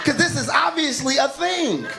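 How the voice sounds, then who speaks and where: High-voiced male comedian over a noisy crowd. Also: moderate pace, creaky. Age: adult, grown since school. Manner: animated storytelling, laughing through lines. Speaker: stand-up comedian. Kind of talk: stand-up comedy. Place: comedy stage before an audience. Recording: live club with crowd and noise.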